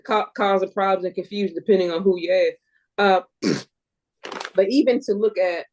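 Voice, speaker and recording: A woman hosting a casual talk, speaking in a halting way with restarts. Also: mid-range voice, darkish tone, a little hiss or hum. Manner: laughing along, halting with restarts. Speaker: host. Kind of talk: casual chat, then reading closing thoughts.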